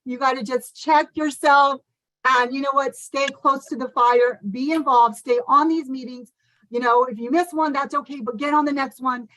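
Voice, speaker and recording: Fast, passionate woman giving a pep talk. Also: high-pitched, steady tone, a bit bright, dry recording, poor audio. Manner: fast, passionate, lots of "like" and "you guys". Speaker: motivational speaker at an online conference. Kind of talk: motivational speech.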